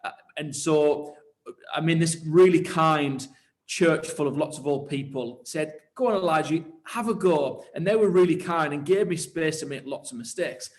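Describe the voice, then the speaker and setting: A man who leads churches tells his story in an interview with animated enthusiasm. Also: on the high side, normal speed. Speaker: church leader and pastor.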